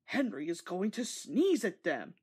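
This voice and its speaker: A woman voicing a calm, kindly male engine driver in a storybook read-along, explaining patiently in a slightly breathy voice. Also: lowish voice, a little slow, heavily acted.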